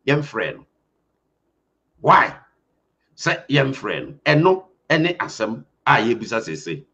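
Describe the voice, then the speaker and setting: A man's voice: medium pitch, big pitch swings, takes it slowly, creaky, pushed and bright. A man with a Ghanaian accent giving impassioned, urgent commentary as a host, speaking emphatically. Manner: urgent and emphatic, mixing Twi and English. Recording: dull lo-fi sound.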